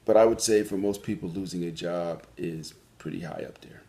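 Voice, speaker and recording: A man with a very deep, low voice hosts a call-in show on his own. He talks earnestly and reflectively, often pausing, saying "um," and starting a phrase over before he finds it. The tone is sincere, unscripted storytelling. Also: dark tone. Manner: earnest, reflective storytelling with frequent pauses and restarts. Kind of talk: solo monologue on a talk show.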